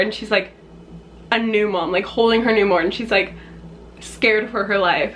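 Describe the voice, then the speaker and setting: Young woman, higher voice, casual storytime, laughs a lot, faint room noise. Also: moderate pace, a bit bright. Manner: chatty, laughing often, swearing, acting out quotes. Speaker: vlogger.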